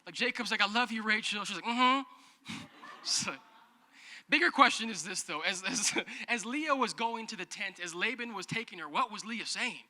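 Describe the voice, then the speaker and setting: Pastor guy preaching with jokes, asks the crowd to answer back, super bright voice, echoey church. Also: sits high, expressive, normal speed. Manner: joking, conversational, calls on the congregation. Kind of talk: sermon. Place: church auditorium.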